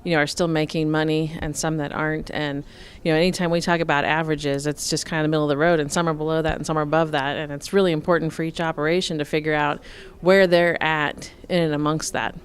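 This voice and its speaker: A middle-aged woman with a low, deep-set voice talks through farm finances as a radio interview guest. Her tone is smooth and resonant, and she speaks steadily, pausing on fillers as she explains each point. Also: little pitch movement. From Nebraska, USA. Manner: measured, explanatory, many fillers.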